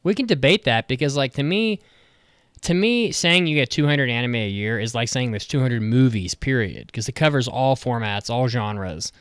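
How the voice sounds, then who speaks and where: A man's voice: medium pitch, moderate pace, fairly bright tone, smooth, dry recording. Man, podcast co-host, blunt, swears often, casual chat, dry sound.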